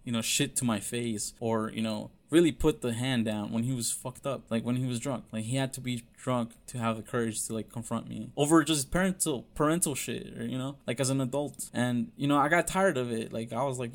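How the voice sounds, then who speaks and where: A man recounts a painful family story in a loose, confessional way. His talk is full of fillers and swearing, and his voice sits at an ordinary middle pitch. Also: fairly even intonation, a little fast, hardly any pauses. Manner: loose, profane, many fillers; frank and confessional. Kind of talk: casual personal storytelling.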